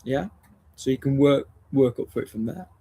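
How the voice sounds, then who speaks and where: A man with a gravelly, husky voice talks shop as a dog trainer in a laid-back live session. His speech is blunt and sweary, full of restarts and repeated phrases, at a middling pitch. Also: normal speed, dark tone. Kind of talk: casual live discussion.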